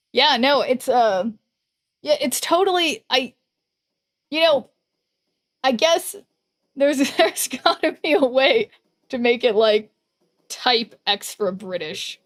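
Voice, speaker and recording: Her voice a little high and a little slow, a young woman rambles through a casual livestream in her hot bedroom while a fan blows. Fillers and laughs come often, long pauses break up her talk, and the recording is dry.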